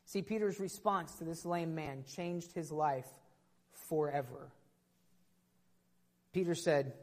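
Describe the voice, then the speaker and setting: A woman's voice: sits low, takes it slowly, long pauses, big-room sound. A woman preaching a sermon to her congregation, telling the story with energy and putting questions to the listeners.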